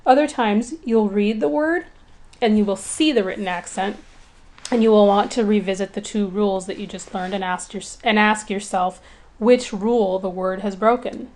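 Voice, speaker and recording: A woman teaching a Spanish lesson in clear, patient, scripted narration, speaking to beginners in an encouraging way. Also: mid-range voice, normal speed, a little mellow.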